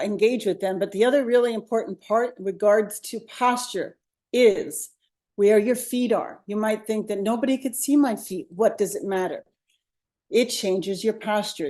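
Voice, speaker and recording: A woman's voice: mid-range voice, warm tone. A woman co-hosting a webinar, giving upbeat interview coaching over a video call with a clip-on mic. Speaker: co-host, media coach. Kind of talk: webinar advice talk. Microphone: lavalier on a video call.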